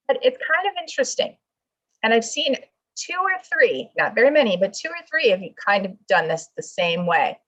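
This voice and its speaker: Encouraging woman teacher on a video call. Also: medium pitch. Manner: checks answers aloud and coaxes students. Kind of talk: online class lesson. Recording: dull lo-fi video call audio.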